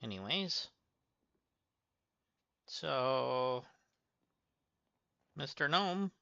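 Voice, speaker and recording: A man's voice: medium pitch, lively intonation, extremely slow, gravelly, sharp tone, dry recording, highs cut off. A man livestreaming a game, chatting and thinking aloud as he plays. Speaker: streamer.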